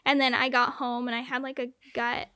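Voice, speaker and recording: A young woman telling a long personal story in casual chat, animated, saying "like" a lot and swearing freely. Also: on the high side, a little fast, dry recording, clean studio sound.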